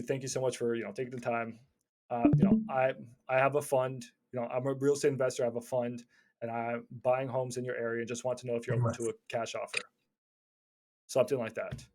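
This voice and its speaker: A young man teaching casually about cold calling, acting out both sides of phone calls in lively voices. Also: mid-range voice. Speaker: real estate wholesaling coach.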